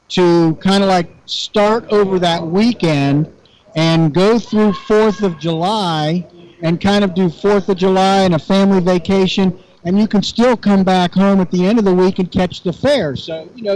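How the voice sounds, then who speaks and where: An easygoing male radio co-host in relaxed on-air chat. His voice is fairly high, and he answers often with short nods of agreement. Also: low-quality recording.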